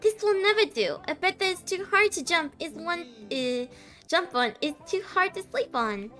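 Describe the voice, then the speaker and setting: A woman's voice: extremely high pitch, fairly quick, soft background music. A woman voicing a fussy little girl from a fairytale who grumbles and complains. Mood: complaining.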